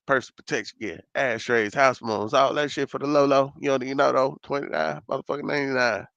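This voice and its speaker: A man with a gravelly, fry-edged voice chats loosely on a podcast, swearing freely. The recording sounds dull and lo-fi. There is no room echo at all. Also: medium pitch, a bit bright. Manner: loose, profane, plugging shows and laughing. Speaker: podcast co-host. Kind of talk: casual podcast chat.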